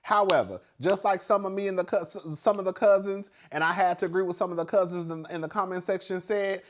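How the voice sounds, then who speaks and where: A man with a slightly high voice talks through a reality TV episode in a loose, gossipy way. He is animated and sassy, swears freely and laughs between points. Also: brisk, hardly any pauses. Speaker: reality TV commentator. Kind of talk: casual reality TV recap.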